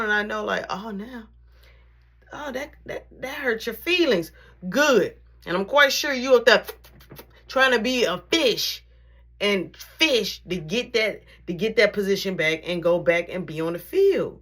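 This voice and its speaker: A woman casually telling a story in slang, acting out the voices of the people in it. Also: mid-range voice. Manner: animated, slangy, acts out quotes.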